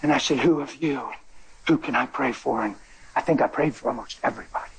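A male preacher telling a story in a sermon, excitable, jumping between loud high bursts and low quiet asides. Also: fairly quick, vocal fry, slight background noise. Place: church.

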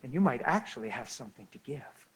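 A man preaching a sermon and telling a story, swinging between loud excitement and hushed, soft passages. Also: mid-range voice, fast, husky, poor audio.

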